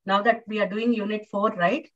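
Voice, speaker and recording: A woman lecturer with an Indian English accent leads a live online class, explaining step by step and pausing to ask her students questions. Her voice sits at an ordinary middle pitch. The sound is muffled and seems to come from a distance from the mic. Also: fairly even intonation, a bit bright. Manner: patient, explains slowly with many fillers and questions to students.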